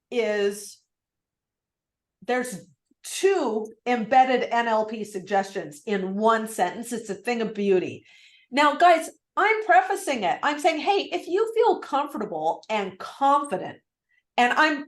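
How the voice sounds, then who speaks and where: Lively woman coach in an echoey room. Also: high-pitched. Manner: energetic, animated, acts out client lines. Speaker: real estate coach. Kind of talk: coaching session on a video call.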